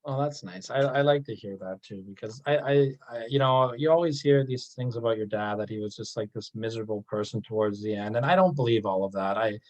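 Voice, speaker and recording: A man's voice: on the low side, a little fast, few pauses, muffled recording. A man hosting an interview, asking rambling questions with frequent restarts. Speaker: podcast host. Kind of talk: conversational interview.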